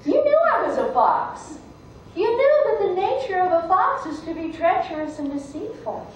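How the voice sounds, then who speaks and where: A woman storyteller voicing a cunning male fox who drawls slowly and plays dumb. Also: big pitch swings, slight background noise. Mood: smug. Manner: low, drawling, feigned confusion. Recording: echoey room from far off.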